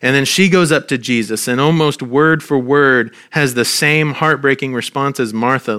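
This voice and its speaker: A man preaching a sermon as a pastor, earnest and gentle, his voice dropping soft at the ends of lines. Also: mid-range voice, moderate pace, hardly any pauses, clear, resonant tone. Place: church.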